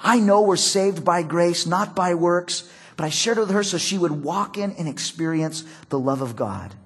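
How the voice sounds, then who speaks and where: A man's voice: high-pitched, lively intonation, moderate pace, slightly rough. A middle-aged male pastor preaching a sermon in a conversational, storytelling way. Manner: conversational, storytelling with acted quotes.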